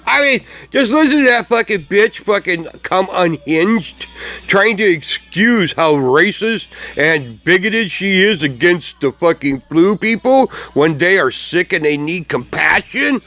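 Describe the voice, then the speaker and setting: Man, vlogger, profane mocking rant, slightly high voice, very animated pitch. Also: a little slow. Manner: angry, mocking, laughs often, heavy swearing.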